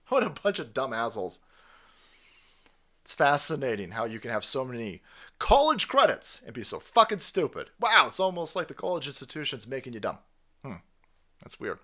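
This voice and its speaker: Animated, bright-voiced sarcastic male commentator. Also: fairly high pitch. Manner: sarcastic, mocking, swings from mutters to loud outbursts. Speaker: commentary streamer. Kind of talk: profane political commentary rant.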